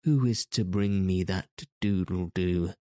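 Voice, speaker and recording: A man's voice: sits low, takes it slowly, mellow, dry recording, clean studio sound. A man voicing a silky, cruel pirate captain. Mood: silky menace. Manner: purring, courteous menace. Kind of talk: audiobook reading.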